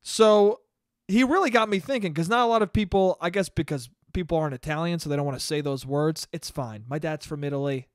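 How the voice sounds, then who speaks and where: A young man hosting a solo comedy podcast, talking in a profane, animated rant and laughing at his own jokes. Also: fairly high pitch, brisk, smooth, no echo, studio quality. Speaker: podcast host.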